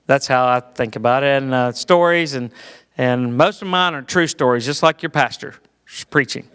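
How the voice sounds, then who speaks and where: Folksy Southern comedian, bright ringing voice. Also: male voice, mid-range voice, clean tone. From Georgia, US. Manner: folksy, self-deprecating, halting with fillers. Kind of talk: clean stand-up storytelling. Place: church hall. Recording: echoey hall.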